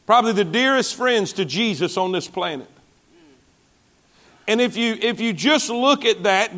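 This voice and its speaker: High-voiced preaching pastor, drawl. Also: male voice, fairly bright tone. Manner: preaching with call-and-response asides to the congregation. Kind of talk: sermon.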